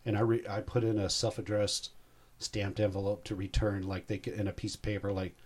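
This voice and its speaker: A man's voice: on the low side, flat delivery, a little fast, darkish tone. A man in his sixties, a guest recounting a personal story in a rambling, heartfelt way. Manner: rambling, heartfelt, self-interrupting.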